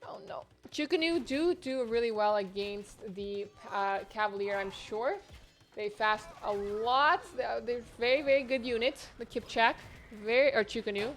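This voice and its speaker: A woman hosting her own tournament and casting it live, giving chatty, excitable play-by-play from home. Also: on the high side, moderate pace. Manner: excitable, chatty, jumps between exclamations. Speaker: tournament host and caster. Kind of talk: live esports play-by-play commentary. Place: home, near the internet modem.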